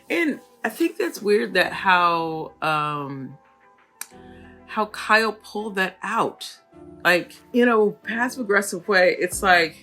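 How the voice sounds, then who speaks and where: A woman hosting a reality TV recap, talking in a chatty, animated way full of fillers. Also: on the low side, measured pace, soft background music. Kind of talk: casual commentary.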